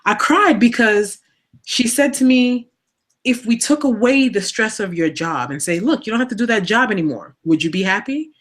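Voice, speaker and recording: A woman shares a personal story on a talk show. She speaks candidly, full of fillers and little restarts. She grows animated as she retells it. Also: a little high, normal speed.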